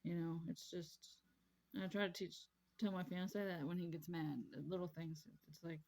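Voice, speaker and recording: A woman's voice: fairly low pitch, level tone, normal speed, a little mellow. A woman vlogging casually about her craft hobby, rambling and repeating herself in an easygoing way. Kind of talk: casual chat while crafting.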